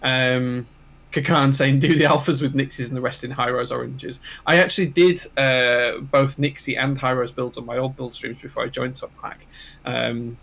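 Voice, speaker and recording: A man's voice: medium pitch, fairly even intonation, normal speed, creaky, a bit bright. A man co-hosting a casual livestream, chatty and rambling with frequent ums. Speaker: co-host.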